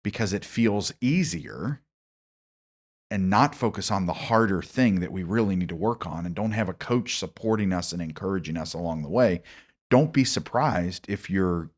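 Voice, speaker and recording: A man's voice: low voice, expressive, moderate pace. A man hosting a podcast conversation, thinking aloud and building on his guest's points with personal examples. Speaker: podcast host.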